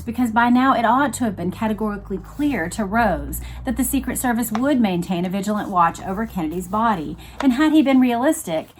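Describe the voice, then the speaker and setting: A woman narrating a history book aloud in a steady read-along style, with dramatic emphasis. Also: medium pitch, a little hiss or hum. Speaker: reader of a book series.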